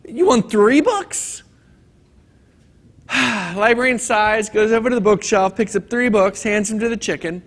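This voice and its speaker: A man's voice: sits high, fairly bright tone. A man teaching a hands-on data class at a conference training session, talking casually to the room and telling a corny joke. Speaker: training instructor. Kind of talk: classroom lecture.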